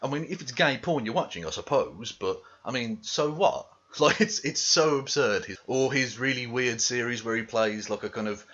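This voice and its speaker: A man's voice: medium pitch, animated, normal speed, hardly any pauses, a bit bright, highs cut off. A man delivering a profane, scornful commentary rant as a video host. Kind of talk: ranting commentary monologue.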